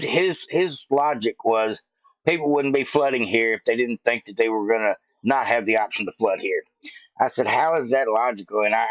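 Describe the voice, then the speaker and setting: A man's voice: medium pitch, no echo, highs cut off. A man, hosting his own political commentary, rambling casually to viewers with frequent "uh"s. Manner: folksy, rambling, many "uh" fillers. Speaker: political commentary channel host.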